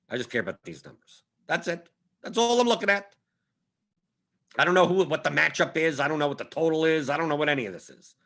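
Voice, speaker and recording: A young adult man with a medium-pitched, fairly bright voice hosts a fantasy sports live stream as an analyst. He talks casually but emphatically, repeating his points and tossing in "right?" again and again.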